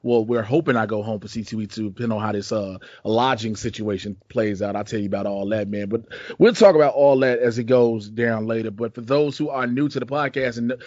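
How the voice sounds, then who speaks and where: A Chicago man hosts a casual podcast, rambling in a laid-back, profane style loaded with slang. His voice is fairly low, brisk and a little mellow. The sound is dull, lo-fi and dry, with no echo.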